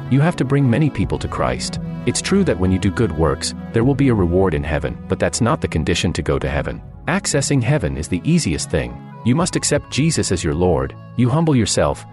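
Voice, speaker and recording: A man's voice: deep voice, a little mellow, breathy edge, no echo. A man voicing a translated radio sermon, preaching earnestly and emphatically with repeated phrases, close to the mic.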